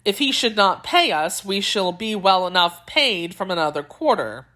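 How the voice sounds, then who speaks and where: A woman reading aloud, voicing a quick-witted young male swordsman who speaks earnestly and takes charge. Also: medium pitch, sing-song, bright, forceful tone, pitched above the performer's own voice.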